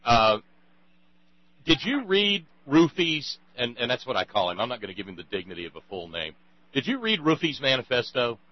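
A man's voice: mid-range voice, big pitch swings, normal speed, no echo, dull audio. A man hosting a talk conversation, rambling and emphatic, with many restarts. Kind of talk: casual radio conversation.

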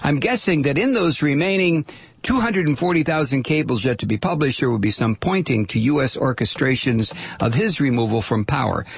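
Animated, gravelly male talk radio host. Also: mid-range voice, fairly quick, dry recording. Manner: sarcastic, animated, mock voices for quoted people. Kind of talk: political talk radio monologue.

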